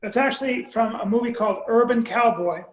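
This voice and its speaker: A man co-hosting a podcast, telling a story in relaxed casual chat and swearing freely. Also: very high voice, a little fast, roomy sound, crowd noise. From grew up abroad, moved to America as a teen. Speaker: podcast co-host.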